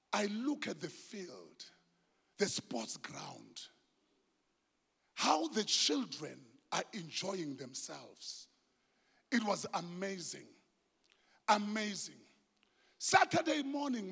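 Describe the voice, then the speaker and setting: A South African man preaching a sermon as pastor, passionate and swinging between hushed and shouted delivery, slipping in Zulu phrases. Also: high voice, creaky, slightly rough. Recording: long hall reverb.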